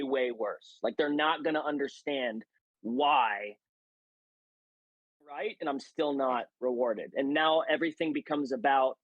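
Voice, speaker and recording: Dude explaining hitting, pumped coach energy, kinda muffled dry recording. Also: male voice, medium pitch, no echo. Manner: emphatic, coaching tone with filler restarts. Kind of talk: casual conversational interview.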